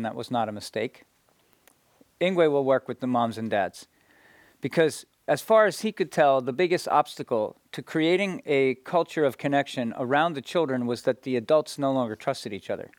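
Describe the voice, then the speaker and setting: A man telling stories to an audience in a loose, halting way, with frequent restarts and filler phrases. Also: medium pitch, dry recording. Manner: halting, many restarts and "you know". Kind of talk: casual storytelling talk.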